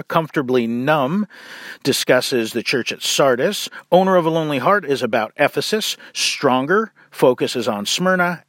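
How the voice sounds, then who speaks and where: A man hosting a casual Bible teaching podcast, chatty and jokey in his asides, then reading scripture aloud at a steady pace. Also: mid-range voice, no room sound, studio quality. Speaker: podcast host.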